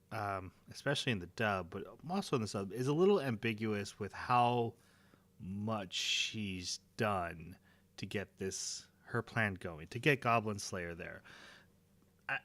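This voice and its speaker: A man's voice: on the low side, pushed and bright, no echo. A man co-hosting an anime discussion, talking through his ideas thoughtfully and often restarting phrases as he works them out. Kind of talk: casual analytical discussion.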